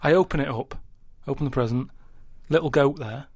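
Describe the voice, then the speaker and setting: A man on a comedy podcast, arguing a point at length in a rambling, deadpan way and checking in with the others as he goes. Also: medium pitch, no echo. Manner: builds a point slowly, checking in with a repeated "right?". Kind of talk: rambling comic argument.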